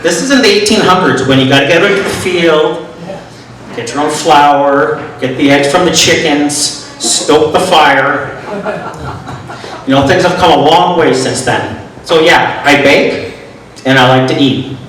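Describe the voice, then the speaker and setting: Self-deprecating stand-up comic, echoey club. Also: male voice, a little high, a little slow, a little hiss or hum. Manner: deadpan, self-deprecating punchlines. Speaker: stand-up comedian. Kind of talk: stand-up comedy set. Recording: echoey room, mic from far off.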